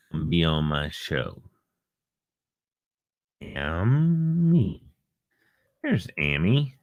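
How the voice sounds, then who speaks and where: In a low voice, a male live stream host offers encouragement by reading uplifting quotes, staying animated and jokey while chatting with viewers by name. The audio is studio quality, free of room sound.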